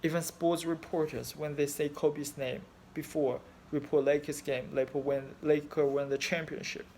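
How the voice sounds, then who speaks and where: A man's voice: a little high, flat delivery, normal speed, vocal fry, darkish tone, a little hiss or hum. A man in his thirties from China, speaking English with a Chinese accent as a non-native speaker. He talks in an emotional, rambling way about his grief, swearing often and using broken phrasing. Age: 30s. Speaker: fan. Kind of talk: emotional personal vlog.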